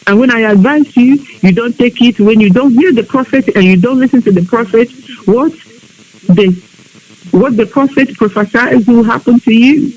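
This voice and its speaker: A woman's voice: fairly high pitch, normal speed, darkish tone, rough recording. A woman speaking emotionally to a women's group on a live online broadcast, pleading with them and scolding them by turns. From Biafra region of Nigeria. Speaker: women's group member addressing an online audience. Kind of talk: impassioned exhortation.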